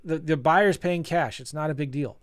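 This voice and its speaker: A middle-aged man talking casually as a real estate coach, telling a story and acting out old conversations with a self-deprecating, animated manner. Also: fairly high pitch, moderate pace. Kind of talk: casual storytelling to an online audience.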